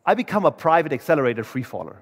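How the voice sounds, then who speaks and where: A man's voice: a little high, very animated, fast talker, gravelly. A young adult man, a motivational speaker, telling a personal story to employees in a candid, chatty way and acting out what people said. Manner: candid, chatty, acts out dialogue. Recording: long reverb of a large hall.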